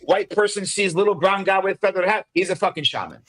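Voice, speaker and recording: A man's voice: sits high, fairly quick, fairly bright tone, poor audio. Emphatic, cursing man lecturing. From Afghanistan. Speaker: panelist. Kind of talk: heated casual debate.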